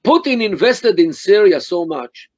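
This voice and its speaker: Very animated, this older man is a Middle East scholar appearing on a video call as an interview guest. His fairly high voice stresses words with deliberate emphasis, and he keeps restarting phrases and using fillers. No room echo colors the close, dry sound.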